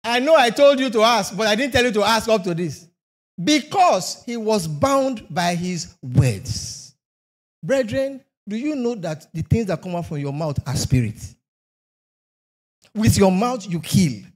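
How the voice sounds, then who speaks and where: A man's voice: high voice, sing-song, unhurried. A man preaching a sermon, emphatic, asking rhetorical questions and repeating phrases for effect.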